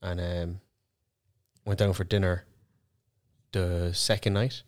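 A man's voice: deep voice, flat delivery, slow. A young man with a Cork accent, co-hosting a podcast and telling stories in casual chat, swearing freely. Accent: Irish, Cork. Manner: swears freely, storytelling with voiced asides. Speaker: podcast co-host.

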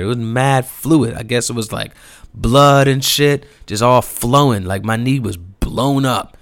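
A man's voice: mid-range voice, unhurried, no room sound, studio quality. A young man telling a personal story in a casual, slangy and profane way, acting out the people in it. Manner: animated, slangy and profane, acts out quotes.

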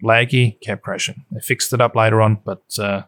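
A man's voice: on the low side, fairly even intonation, moderate pace, a bit bright. A man co-hosting a casual tech podcast, talking in a rambling, nostalgic way with lots of fillers. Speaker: podcast co-host.

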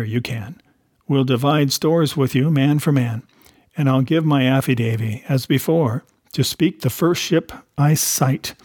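Brief: man playing a gruff old one-legged pirate, sailor's dialect, slightly high-pitched, dry close sound. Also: darkish tone, dry recording. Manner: rough sailor's dialect, blustering. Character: one-legged old male pirate cook, wheedling then furious.

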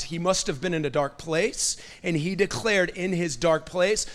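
A young man preaching with a high, bright voice. He speaks in a loose, conversational way, full of "like" and restarts, then rises into loud, fervent proclamations as he works himself up. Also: moderate pace, hardly any pauses. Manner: impassioned, builds to loud prophetic declarations with fillers like "like". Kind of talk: sermon.

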